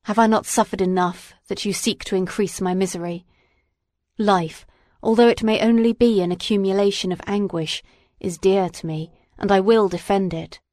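A woman reading aloud and voicing a huge, wretched male creature who speaks in a slow, grave, aggrieved way. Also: medium pitch, steady tone, a little mellow, no echo, studio quality, lightly acted. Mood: pleading.

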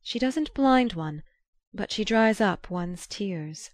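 A woman reading the lines of a composed, honest woman with a quiet voice in an audiobook, speaking simply and calmly. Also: medium pitch, slow pace, no echo. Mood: wistful. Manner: calm, simple.

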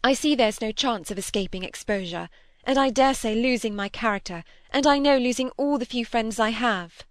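A trembling, defiant young woman pours out her distress in a storybook reading, as a woman puts her on. Her voice rides high and strained, pleading and emotional. The recording is dry and close. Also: moderate pace, no echo, close to an everyday voice. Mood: distraught. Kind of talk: audiobook character reading.

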